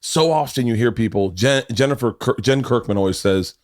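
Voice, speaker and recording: A man's voice: medium pitch, fairly quick, no room sound, clean studio sound. A middle-aged man hosting a casual podcast chat, rambling and swearing freely, talking over others. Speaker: podcast host.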